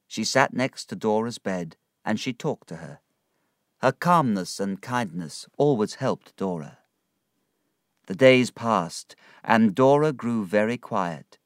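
A man reads a storybook aloud at a slow, measured pace. His pitch rises and falls expressively. The recording is dry and close. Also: lively intonation, no echo. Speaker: narrator. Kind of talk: storybook narration.

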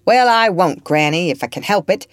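A woman voicing a sulky, grumbling sick man who complains loudly from his bed. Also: sits low, lively intonation, moderate pace, no echo. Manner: blustering, complaining. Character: grumbling sick male slave-catcher, sulky.

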